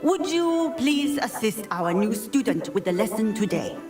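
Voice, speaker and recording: A stern professor of magical creatures who lectures with formal caution. Her voice sits back from the listener in a roomy space. Music plays clearly behind her. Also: fairly high pitch, sing-song, measured pace. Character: stern older female beast-class professor. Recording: game audio, roomy and distant.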